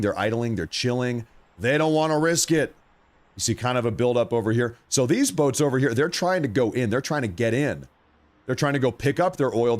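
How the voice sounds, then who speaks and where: A man hosting a live news commentary stream, talking straight to his viewers with excitement while he is losing his voice. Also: mid-range voice. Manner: excitable, addresses viewers directly. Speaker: livestream host.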